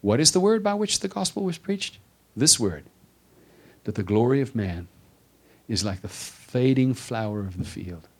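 A male pastor preaching a sermon to his congregation, building with repeated emphatic phrases and dropping to quiet stresses. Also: mid-range voice, animated, normal speed, slightly rough. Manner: preaching with rising emphatic repetition.

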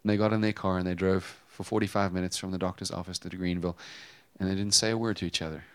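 A man preaching a sermon, telling a personal story with animated swings between loud emphasis and hushed tones. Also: sits low, quick pace, smooth. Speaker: pastor.

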